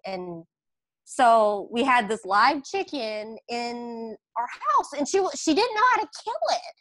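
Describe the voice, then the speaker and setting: A bubbly woman guest talks in a casual chat, her high voice leaping up and down as she explains and tells stories. The sound is dry and close, with no room echo. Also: measured pace. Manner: bubbly, expressive talker with big pitch swings.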